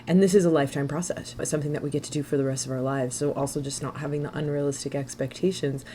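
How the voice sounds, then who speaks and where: A woman mindset coach as a podcast guest, talking fast and animatedly and laughing often. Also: low-pitched, steady tone, dark tone, slight background noise. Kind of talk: podcast interview.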